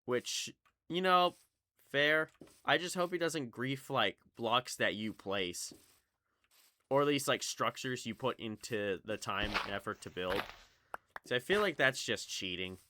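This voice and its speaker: A man's voice: medium pitch, expressive, a little slow, pushed and bright, slight background noise. A young man with a slight Southern US accent from Kentucky, rambling and swearing through casual gameplay commentary. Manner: rambling, swearing, jumpy, chatty. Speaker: gaming YouTuber.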